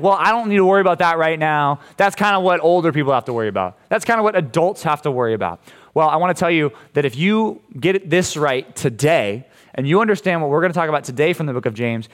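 A man preaching a casual, energetic youth sermon, joking and asking rhetorical questions as he walks through a Bible passage. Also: fairly high pitch. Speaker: youth pastor.

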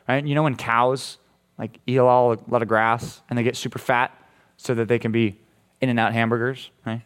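A man preaching a casual, energetic youth sermon, joking and asking rhetorical questions as he walks through a Bible passage. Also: mid-range voice, moderate pace, clean tone. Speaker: youth pastor.

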